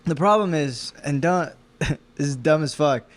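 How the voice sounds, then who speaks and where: A man co-hosting a casual podcast, chiming in with questions and quick jokes. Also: a little high. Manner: joking interjections, quick wisecracks. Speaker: podcast co-host.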